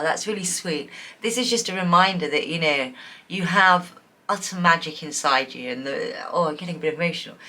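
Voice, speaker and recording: Giggly, chatty woman tarot reader. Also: fairly low pitch. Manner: chatty, giggly, warm and encouraging, many fillers. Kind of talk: pick-a-card tarot reading to camera.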